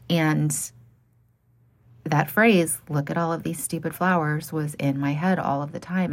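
A woman who runs a small art business tells a personal story frankly and plainly, laughing now and then between lines. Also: low-pitched.

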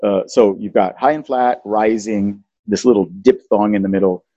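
A man's voice: lowish voice, steady tone, moderate pace, mellow, dry recording, lo-fi sound. A man hosting a casual talk show, playfully explaining language and singing out example tones. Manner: playful, teaching, sings out tones. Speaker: podcast host.

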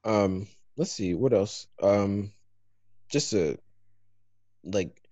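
A man co-hosting a podcast in casual chat, halting and searching for words. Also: on the low side, expressive, dark tone, no echo, highs cut off. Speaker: podcast co-host.

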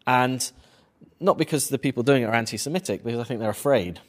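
A man's voice: medium pitch, quick pace. A man giving a conversational public lecture on film, quizzing the audience as he goes. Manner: chatty, quizzes the audience with questions.

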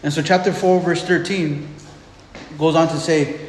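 A man preaching in a relaxed, conversational way, retelling scripture in plain modern words and voicing the people in the story. His voice sits a little high. The sound rings through a big echoey hall with a long reverb tail. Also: moderate pace. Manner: retells scripture in casual everyday speech, acting out voices. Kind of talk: sermon.

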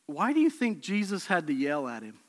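A man preaching a sermon as pastor, impassioned, swinging from soft lines to shouted calls. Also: fairly high pitch, huge pitch swings, normal speed. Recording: long hall reverb.

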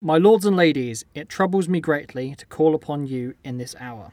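A man's voice: fairly high pitch, moderate pace, a little mellow, no room sound, lightly acted. A man doing an old Scottish king. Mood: grave, regal. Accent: put-on Scottish. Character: troubled old king making a royal address.

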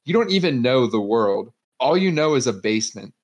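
A man's voice: medium pitch, sing-song, moderate pace. A young man co-hosting a podcast, talking in an easygoing, rambling, reflective way. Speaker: podcast co-host. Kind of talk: casual podcast chat.

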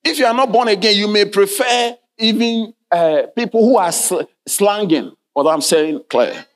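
A male pastor preaching in church, his voice sitting a little high for a man. He reads scripture in archaic King James wording and keeps calling "Hallelujah" and asking his listeners questions. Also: normal speed. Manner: preaching, punctuated by frequent "Hallelujah" and direct questions to the congregation. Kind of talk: sermon.

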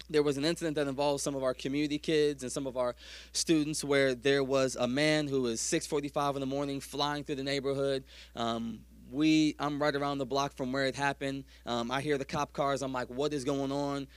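A man's voice: on the high side, dry recording. Dry-voiced conversational male pastor preaching. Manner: conversational, self-deprecating preaching with asides. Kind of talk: sermon.

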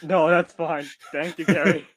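A man's voice: on the high side, fairly even intonation, measured pace, no room sound. A man chatting as a guest on a podcast, hesitant with many restarts and fillers, speaking bluntly and earnestly. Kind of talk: casual chat.

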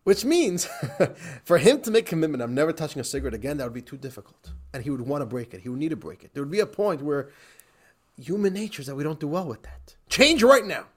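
Rabbi-teacher type: energetic man, lively swooping delivery, quick laughs, a touch higher-pitched. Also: slightly rough. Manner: animated, laughs often, repeats for emphasis. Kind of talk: lively recorded class.

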